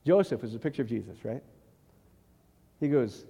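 A man's voice: mid-range voice, lively intonation, normal speed, creaky, long pauses, warm tone, slightly rough, in a large hall. A man preaching a sermon in an emphatic way, often checking that the audience agrees. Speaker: pastor.

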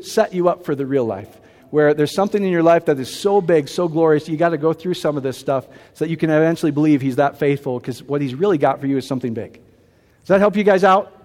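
A man preaches in a loose, conversational way, his voice pitched a little above most men's. He keeps asking the congregation whether they follow him. The sound carries a long hall reverb. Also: a little mellow. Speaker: pastor. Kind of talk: sermon.

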